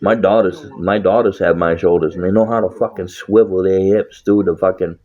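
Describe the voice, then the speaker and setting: Deep voiced guy swearing nonstop, laughs a lot, kinda muffled lo-fi audio. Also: steady tone, brisk, darkish tone. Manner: blunt, heavy swearing, laughs often. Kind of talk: casual profane monologue. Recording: dull lo-fi sound.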